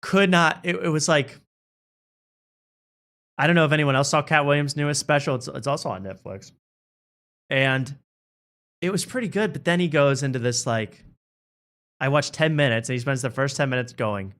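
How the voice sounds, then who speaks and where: A man's voice: a little high, animated, brisk, a bit bright. A man hosting a talk show, riffing in a rambling, joking way. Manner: rambling, riffing, laughs at own bits. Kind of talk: casual comedic chat.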